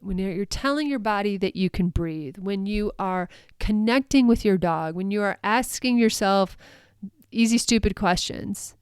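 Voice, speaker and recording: A woman's voice: medium pitch, a little mellow, clean tone, no echo, studio quality. A woman coaching dog sport handlers on her podcast, chatty and upbeat, with many fillers and frequent laughter. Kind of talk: solo coaching podcast talk.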